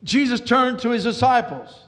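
High-voiced preacher in an echoing hall. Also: male voice, lively intonation, moderate pace, a bit bright. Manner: dramatic preaching with repetitions and sudden pace changes. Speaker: pastor. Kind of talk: sermon.

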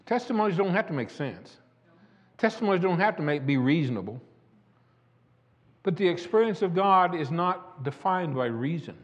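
A man's voice: fairly high pitch, lively intonation, moderate pace, pauses often. An older man preaching a sermon, telling a personal testimony in a folksy, emphatic way. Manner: folksy, rising to emphatic declamation. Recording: echoey hall.

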